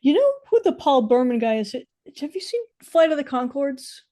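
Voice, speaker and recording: A middle-aged woman co-hosting a podcast in casual chat, chatty and quick to agree. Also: high voice, very animated, mellow. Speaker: podcast co-host.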